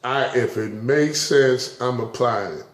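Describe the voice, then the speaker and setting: A man's voice: medium pitch, takes it slowly, echoey room. A man vlogging casually, rambling with stuttered restarts and openly emotional, laughing and tearing up as he talks. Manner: rambling, repeats words in restarts. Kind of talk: casual spoken vlog.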